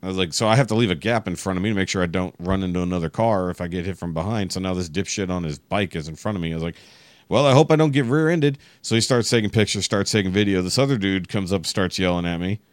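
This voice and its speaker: A man's voice: low voice, steady tone, fast talker, few pauses, no echo. A man from Texas telling a long exasperated story in casual podcast chat, swearing freely. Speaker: podcast guest.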